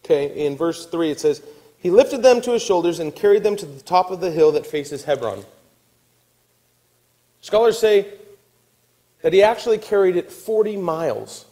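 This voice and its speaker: Animated male preacher with a mellow voice. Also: high voice, normal speed, long pauses, low-quality recording. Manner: animated storytelling, acting out quotes, dropping to a soft hush. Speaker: pastor. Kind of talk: sermon.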